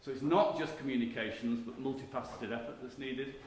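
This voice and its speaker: A man's voice: mid-range voice, fairly even intonation, brisk. A middle-aged man giving a conference keynote lecture, talking in a conversational, emphatic way with frequent restarts. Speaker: keynote speaker, marketing professor. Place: conference hall. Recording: echoey hall recording with faint background noise.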